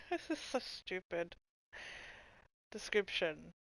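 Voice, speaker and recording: Lowish-voiced woman streamer, dry sound. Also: lively intonation, very slow, long pauses, a bit bright, no echo. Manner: swears freely, laughs a lot; thinks aloud while searching. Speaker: livestreamer reading chat. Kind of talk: casual livestream chat.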